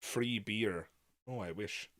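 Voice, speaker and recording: A man's voice: lowish voice, slow, a bit bright, no echo, studio quality. An Irish man hosting a live Q&A stream, chatting with viewers in rambling, exasperated rants with swearing. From Ireland. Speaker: livestream host.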